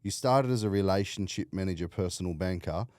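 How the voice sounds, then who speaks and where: A man's voice: low voice, a little fast, darkish tone, dry recording. A man hosting a casual podcast interview, blunt, swearing freely and laughing a lot. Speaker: podcast host.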